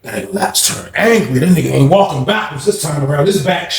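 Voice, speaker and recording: A man tells a story in a casual vlog, animated and profane, jumping between shouts and hushed asides. His voice sits a little high and rings in an echoey room. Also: a little fast, creaky.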